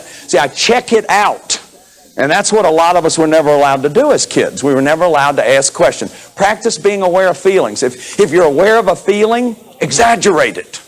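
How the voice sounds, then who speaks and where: A man in his fifties giving a lively lecture on therapy, acting out examples, laughing often and restarting his sentences. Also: high voice, fairly quick, rough recording. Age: 50s. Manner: repeats words, restarts sentences. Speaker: therapist lecturing on inner child work.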